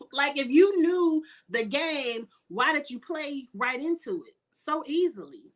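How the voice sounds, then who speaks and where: A woman's voice: high voice, slow pace. Blunt, profane woman recapping a reality show. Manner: blunt, profane, animated, with frequent laughs and throat clearing. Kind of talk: casual live recap with commentary.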